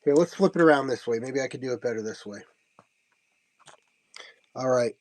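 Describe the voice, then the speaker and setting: A man's voice: mid-range voice, moderate pace, long pauses, no echo. A man casually showing off signed comics and prints, chatting and laughing as he tells the story, often repeating himself. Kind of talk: casual show-and-tell recap.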